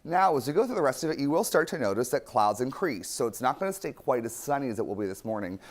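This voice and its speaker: A man's voice: medium pitch, very animated, fast. A young man, a TV weather forecaster, talking casually through the forecast while losing his voice. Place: TV studio.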